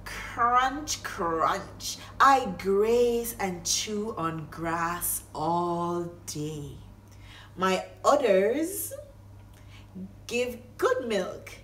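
A woman doing a slow, contented storybook cow. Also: mid-range voice, very animated, a bit bright, recorded from a distance, exaggerated voice. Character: contented gentle dairy cow. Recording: echoey room, faint noise.

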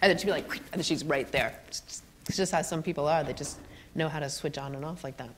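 An animated middle-aged woman, a guest actor telling stories on a college stage, laughing often. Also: low voice, fast, background noise. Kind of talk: storytelling on a college stage interview.

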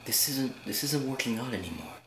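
A man's voice: mid-range voice, expressive, a little fast, fairly bright tone, lightly acted. An actor playing an evasive young man who stammers and repeats himself, brushing people off and flaring into anger, in a short film. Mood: defensive. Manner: evasive and dismissive, flares into anger. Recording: roomy echo, distant mic, background hiss.

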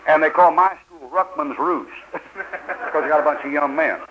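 Fiery older preacher on old tape. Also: male voice, fairly high pitch, normal speed, dull audio, noisy background. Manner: fiery, rhetorical questions, folksy grammar. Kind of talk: sermon.

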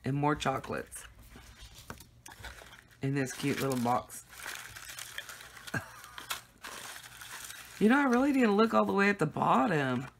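A woman's voice: low voice, very animated, slow pace, creaky, pauses often, a little hiss or hum. A woman chatting casually and giggling as she unboxes gifts for her viewers at home. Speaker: craft vlogger.

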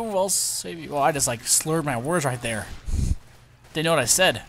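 A young man hosting a casual gameplay commentary, excitable and often startled. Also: fairly high pitch, moderate pace, slight background noise. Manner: excitable, lots of startled exclamations. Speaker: let's play host.

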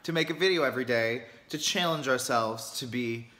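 A man's voice: medium pitch, fairly quick, bright, forceful tone, roomy sound. A young man in his twenties, the vlogger, chatting and joking casually on camera, swearing freely and laughing often. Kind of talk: casual vlog banter.

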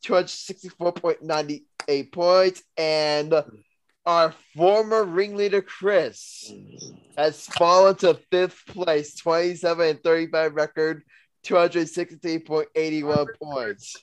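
A man's voice: on the high side, fairly even intonation, slow pace, a little hiss or hum. A young man hosting a casual sports podcast, reading out bet results and standings in an upbeat way. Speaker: podcast host.

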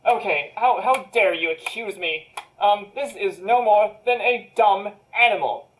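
A woman's voice: medium pitch, measured pace, slight background noise, natural voice, low-quality recording. A woman voicing a bitter, scheming male wizard's former apprentice who rants indignantly. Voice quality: indignant, ranting.

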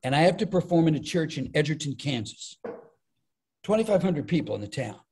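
Mellow-voiced man telling stories. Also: on the high side, fairly quick. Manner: animated, acts out quoted voices. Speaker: comedian and speaker, podcast guest. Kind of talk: storytelling in conversation.

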